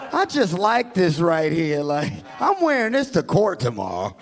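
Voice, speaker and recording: A young man doing a stand-up set on a comedy club stage, animated storytelling with loud bursts, on a handheld mic. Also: high-pitched, moderate pace, gravelly, crowd noise.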